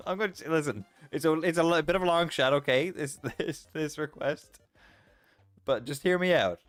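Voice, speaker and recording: A man's voice: mid-range voice, expressive, normal speed, no room sound. Guy streaming a text adventure, reads it out and cracks up a lot, dry close mic, faint music behind. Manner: playful, laughs often, reads lines then reacts. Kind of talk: reading a text adventure aloud with commentary.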